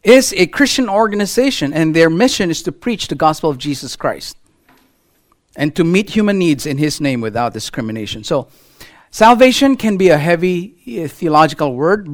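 A middle-aged man preaching from the pulpit in a higher-than-usual voice. He swings up and down in pitch as he tells his story and keeps putting rhetorical questions to the congregation. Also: very animated, moderate pace. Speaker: pastor. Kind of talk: sermon with a children's illustration.

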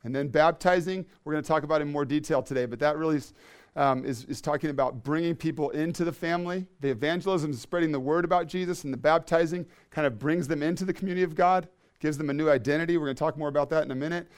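A man's voice: on the high side, fast talker. Emphatic man preaching. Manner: emphatic, repeats key phrases, asks the room questions. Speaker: pastor. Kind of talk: sermon.

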